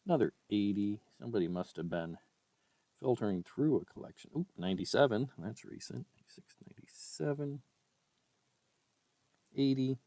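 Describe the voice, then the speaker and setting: A man vlogging a coin roll hunt, reading out dates one by one in a casual murmur and breaking into excited exclamations. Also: on the low side, normal speed, pauses often, no room sound. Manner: reads dates aloud one by one, often quietly, with excited exclamations. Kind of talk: casual commentary while sorting coins.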